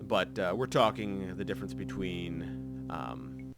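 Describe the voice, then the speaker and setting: A man's voice: sits low, expressive, slow pace, over music. A man hosting a let's play, casually rambling through gameplay commentary with lots of fillers and self-corrections.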